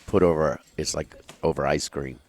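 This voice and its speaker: A man's voice: rumbling low, fairly even intonation, moderate pace, very noisy. A man hosting a sports radio show, chatting casually and teasing his co-hosts with bursts of laughter. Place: radio studio.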